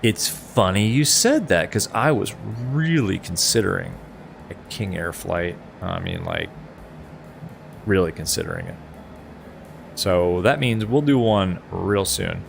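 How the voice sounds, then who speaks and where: Middle-aged guy chatting on a flight sim stream, gravelly, laughs a lot, bit of music in the back. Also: low voice, a little slow. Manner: chatty, laughs often, answers chat. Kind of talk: casual live-stream chat.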